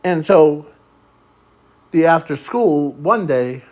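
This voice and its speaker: A man improvising a fan story aloud in a rambling, halting way, often trailing off. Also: a little high, animated, low-quality recording.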